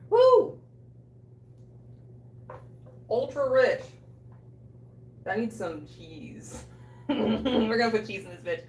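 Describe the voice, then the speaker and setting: A woman's voice: a little high, expressive, takes it slowly, distant mic. Woman livestreamer, profane joking cook, echoey small room, mic a bit off. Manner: loud, profane and joking with chat. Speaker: livestream host cooking. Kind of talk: casual livestream cooking chat. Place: small bathroom.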